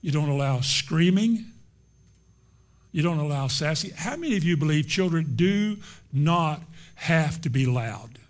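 A man's voice: a little high, very animated, normal speed. A middle-aged man preaching a sermon in an emphatic, repetitive, folksy way.

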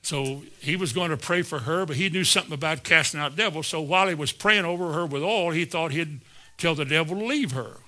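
Folksy bright-voiced preacher telling stories. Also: male voice, on the high side, fairly quick. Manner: folksy anecdotal preaching, shifting between soft asides and sudden emphatic rises. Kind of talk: sermon storytelling.

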